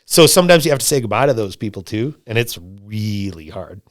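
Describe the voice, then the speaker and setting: A middle-aged man in casual podcast conversation, talking in an animated, rambling way, swearing freely and repeating himself. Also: on the low side, a little fast, no echo, studio quality. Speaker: lodge owner, podcast guest.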